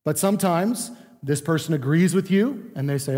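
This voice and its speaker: A man's voice: on the high side, moderate pace, dark tone. A man preaching a sermon in a conversational teaching manner, acting out what people say. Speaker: pastor. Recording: long reverb of a large room.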